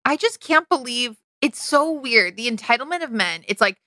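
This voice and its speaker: Young woman, podcast co-host, sarcastic dry humor, bright sharp voice, close dry sound. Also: fairly high pitch, lively intonation, normal speed, hardly any pauses, dry recording. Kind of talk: casual chat.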